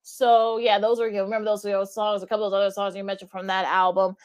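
A woman's voice: medium pitch, flat delivery, fast talker. Chatty woman co-hosting sports radio. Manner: conversational, many fillers like "you know" and "look". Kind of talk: casual radio sports talk.

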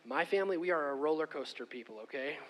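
A middle-aged man preaching a sermon and telling a personal story, conversational and animated, often asking "okay?". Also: a little high, fast talker. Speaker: pastor. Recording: long hall reverb.

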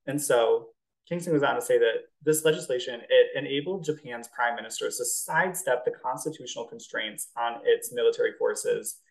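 On a low-quality recording, a young podcast co-host speaks fairly quickly at a medium pitch with some vocal fry. It's a relaxed chat in which he makes his points with humorous, everyday analogies.

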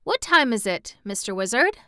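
A woman's voice: on the high side, sing-song, moderate pace, sharp tone, clean tone, no room sound, clean studio sound, pitched above the performer's own voice. A woman voicing a cheerful, confident little girl in an audiobook, speaking eagerly and reassuringly.

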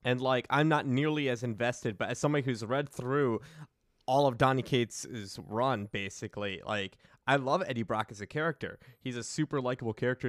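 A man's voice: medium pitch, a bit bright, dry recording, clean studio sound. A man co-hosting a casual podcast, speaking earnestly and emphatically. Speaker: podcast co-host. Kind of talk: casual chat.

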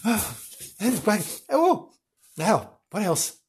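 A man playing a fussy, dithering woman field reporter in a comic sketch, with a husky voice. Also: high voice, big pitch swings, takes it slowly, pitched above the performer's own voice, heavily acted. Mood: chatty. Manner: fussy, dithering, shrieking with alarm. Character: flustered, excitable middle-aged woman field reporter. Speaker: on-location reporter.

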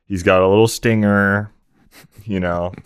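Male podcast co-host, deep smooth voice, dry close sound, jokey deadpan. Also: no echo. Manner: jokey, deadpan asides, quick to correct facts. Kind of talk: casual film review chat.

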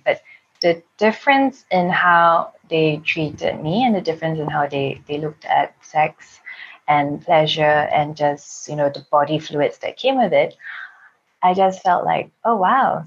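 A woman's voice: low voice, vocal fry, highs cut off. A woman from Singapore, telling frank personal stories casually and acting out her own quotes. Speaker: podcast guest, sex blogger. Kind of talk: candid casual storytelling.

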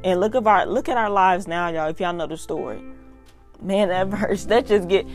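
A young adult woman earnestly reads and discusses scripture in a casual devotional vlog, emphatic and repeating "y'all." Her mid-range voice has a darkish tone and moderate pace, with soft music in the background.

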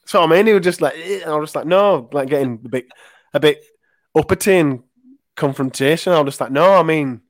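A man's voice: on the high side, fast talker, no echo, clean studio sound. A man from Leeds, co-hosting a podcast and chatting casually, telling anecdotes and acting out what people said. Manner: chatty anecdotal storyteller, acts out quotes. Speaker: podcast co-host. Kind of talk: casual chat.

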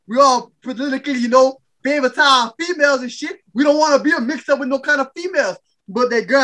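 A man co-hosting a podcast, telling a crude, animated story and laughing as he acts out quotes. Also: very high-pitched. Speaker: podcast co-host. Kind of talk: casual storytelling chat.

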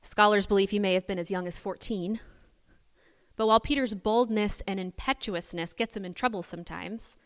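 A woman preacher tells a story in an animated, playful way. Her voice sits at an ordinary middle pitch. Her words echo in the long reverb of a large hall. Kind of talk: sermon.

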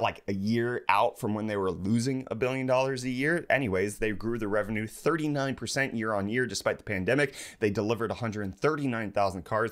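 A man hosting a tech news show, delivering quick casual commentary full of wry, sarcastic asides. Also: fairly low pitch, a bit bright.

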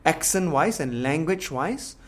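Tamil-speaking guy, slight indian accent, rolled r's, highish lively voice. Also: normal speed. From Singapore. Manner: reflective, rolled R's, frequent "you know". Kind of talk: casual conversation.

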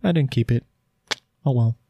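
A man's voice: mid-range voice, moderate pace, breathy edge, no echo, muffled recording. A man hosting a solo podcast, talking casually in a rambling, chatty, self-deprecating way. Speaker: podcast host.

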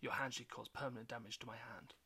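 A man voicing a smug, self-satisfied male football manager in a drawn-out, mock-sincere way. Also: medium pitch, steady tone, sharp tone, husky, heavily acted.

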